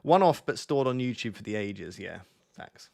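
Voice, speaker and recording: A man's voice: on the low side, lively intonation, moderate pace, gravelly, darkish tone. A young man hosting a livestream in casual chat, laid-back and joking, rambling with lots of fillers. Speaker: livestream host. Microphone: on a mic near the camera.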